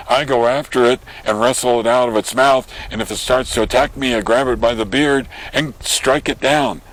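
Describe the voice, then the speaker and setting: A man's voice: medium pitch, pitched above the performer's own voice, close to an everyday voice, rough recording. A man voicing a bold, fearless young shepherd boy who speaks in an earnest, confident way.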